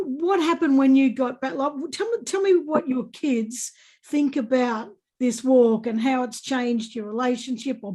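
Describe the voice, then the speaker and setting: A woman interviewing a guest, asking gentle, searching questions in a casual way. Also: high voice.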